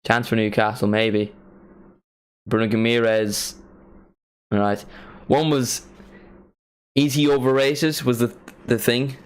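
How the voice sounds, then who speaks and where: A young man casually commentating a live football watchalong, chatting and bursting into excited reactions. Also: mid-range voice, takes it slowly, pauses often, clean tone. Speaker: streamer hosting a match watchalong.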